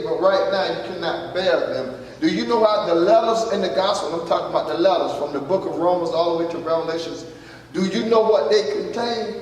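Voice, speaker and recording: A man preaching a folksy sermon and asking his congregation questions. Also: on the high side. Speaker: pastor. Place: church hall. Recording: echoey church hall from far off.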